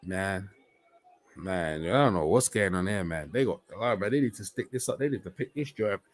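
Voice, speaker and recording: This stream host has a low-pitched voice and keeps a moderate pace while calling a boxing match live. He's chatty and heavy on slang, and big punches set him off into excited shouting.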